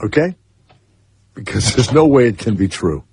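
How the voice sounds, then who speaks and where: A man's voice: fairly low pitch, animated, normal speed, background noise. A man in his sixties hosting a call-in radio talk show, brash and teasing with his callers. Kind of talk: casual call-in radio banter.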